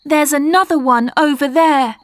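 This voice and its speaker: A woman's voice: high voice, moderate pace, no room sound, pitched above the performer's own voice, lightly acted. A woman voicing an eager, brave young girl.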